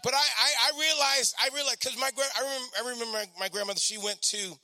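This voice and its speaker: Forceful, high-voiced preacher exhorting. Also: male voice, fairly even intonation, fast. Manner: emphatic, repetitive exhortation with sudden drops to soft storytelling. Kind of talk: sermon.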